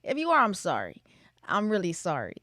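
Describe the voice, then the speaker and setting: A woman's voice: fairly low pitch, wildly swooping pitch, brisk, bright, forceful tone, no room sound, studio quality. A young woman hosting a casual solo podcast, chatty and opinionated, full of "like" fillers. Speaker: podcast host.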